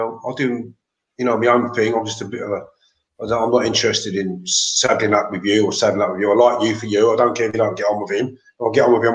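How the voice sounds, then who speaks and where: An English man telling lively, slang-filled anecdotes as an interview guest, laughing as he goes. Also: fairly low pitch, reverberant. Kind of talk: casual storytelling.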